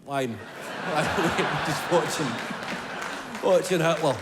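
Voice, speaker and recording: A Scottish man doing a stand-up comedy routine, sweary and animated, telling stories and slipping into put-on voices. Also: a little high, takes it slowly, very noisy. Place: theatre stage with live audience. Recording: roomy live venue with crowd laughter.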